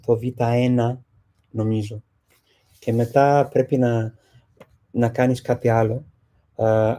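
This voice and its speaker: A man's voice: mid-range voice, dark tone. A man hosting a casual live stream, answering viewer questions with many fillers and restarts. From England. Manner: hesitant, many fillers and restarts while switching languages.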